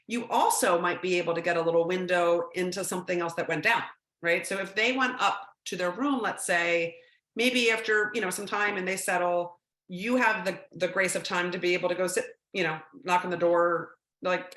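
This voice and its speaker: A woman's voice: medium pitch, fairly bright tone, echoey room. A woman giving a talk to parents, conversational and often checking in with "right?", now and then acting out short quotes. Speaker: speaker on teen mental health.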